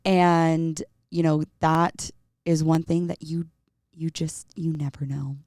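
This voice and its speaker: A woman hosts a podcast with a very low voice. She talks in an easygoing, chatty way and laughs easily. The sound is dry, with no room around it. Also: level tone, slow, darkish tone, no room sound. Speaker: podcast host. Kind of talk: casual interview conversation.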